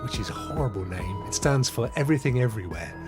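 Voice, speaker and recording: A man's voice: medium pitch, animated, fast, music in the background. A man hosting a casual live stream, chatting upbeat and laughing often as he greets viewers. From England. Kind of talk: casual live chat, reading viewer comments.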